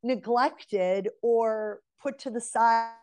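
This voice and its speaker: As an interview guest, a relationship mentor in her forties casually recounts a personal story and earnestly advises the women listening. She speaks slowly in a fairly high, slightly mellow voice.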